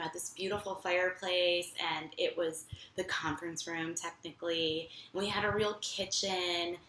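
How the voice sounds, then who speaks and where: A young woman casually telling a personal story in an animated, chatty way, full of fillers. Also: fairly low pitch, reverberant, a little hiss or hum, low-quality recording.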